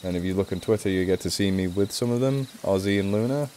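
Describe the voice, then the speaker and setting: English guy rambling on a live stream, mellow warm voice, laughs at himself. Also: low voice, fast, slight background noise. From England. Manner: chatty and rambling, self-mocking, laughs often. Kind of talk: casual live stream chat.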